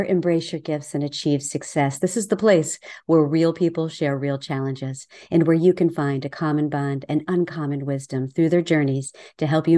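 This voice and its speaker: Warm-voiced woman hosting a podcast. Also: deep voice. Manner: upbeat and welcoming. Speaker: podcast host.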